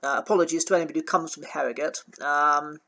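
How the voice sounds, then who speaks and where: A man coaching, speaking in a measured, hesitant way with many ums, on an uneven recording. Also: fairly high pitch, fairly even intonation, creaky, sharp tone. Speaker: accent coach. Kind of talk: relaxed talking-head commentary. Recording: uneven, poor sound quality in parts.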